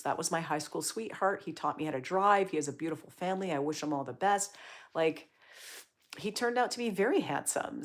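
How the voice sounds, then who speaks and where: A middle-aged woman from Canada, hosting a casual livestream, chatting and reading out comments in an upbeat way with lots of fillers. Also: deep voice. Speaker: livestream host.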